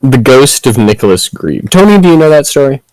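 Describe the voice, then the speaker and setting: A man chatting casually with fellow tabletop game players, playful and quick to laugh. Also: medium pitch, very animated, a little mellow, dry recording, poor audio. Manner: giggly, playful. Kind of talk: casual chat.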